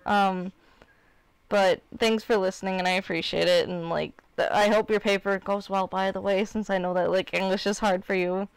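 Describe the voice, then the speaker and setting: A woman in her twenties from Illinois in the United States hosts a live stream, chatting casually in a mid-range voice with little pitch movement and a moderate pace. Her smooth voice is recorded dry, and she rambles candidly, filling her speech with "like" and "you know what I mean."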